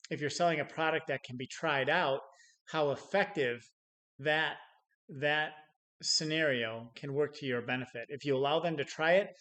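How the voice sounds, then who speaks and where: A man's voice: fairly high pitch, a bit bright. A middle-aged man teaching sales in an unscripted talk, telling stories with acted-out quotes, chuckling and restarting his phrases often. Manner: many restarts and repeated words. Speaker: sales trainer.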